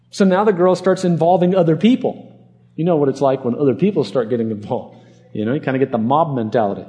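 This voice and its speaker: A man's voice: fairly high pitch, expressive, a little fast, warm tone. A male pastor from Arkansas preaching a conversational sermon and acting out the people in the passage.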